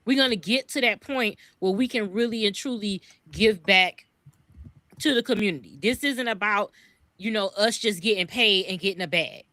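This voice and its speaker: A woman's voice: mid-range voice, moderate pace, bright, forceful tone, dry recording. A woman co-hosting a podcast, speaking in impassioned commentary, repeating words when worked up and swearing freely. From US East Coast. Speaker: podcast co-host.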